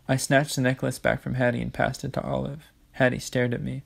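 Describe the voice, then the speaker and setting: A man reading a children's novel aloud in a plain, unhurried narrating voice. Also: medium pitch, flat delivery, vocal fry, slightly rough. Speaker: audiobook reader.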